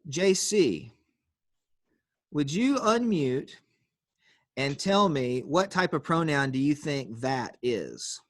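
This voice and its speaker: A man's voice: a little high, sing-song, takes it slowly, long pauses, no echo, studio quality. A man teaching an online grammar class on a video call, explaining patiently step by step and calling on students.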